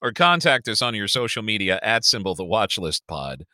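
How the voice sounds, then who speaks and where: A middle-aged man co-hosting a podcast in casual chat, animated and swearing freely. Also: moderate pace, no room sound, studio quality. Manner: animated, swears freely, lively swings in pitch. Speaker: podcast co-host.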